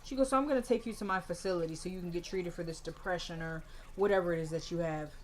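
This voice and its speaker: Animated woman recapping a TV episode. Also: on the low side, slight background noise. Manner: animated retelling, quoting characters in quick succession.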